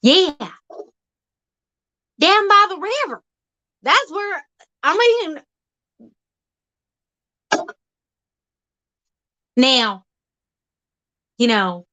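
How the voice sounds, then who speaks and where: A woman's voice: high-pitched, sharp tone. A woman hosting an outdoor vlog, rambling in a folksy, teasing comic monologue. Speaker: vlog host.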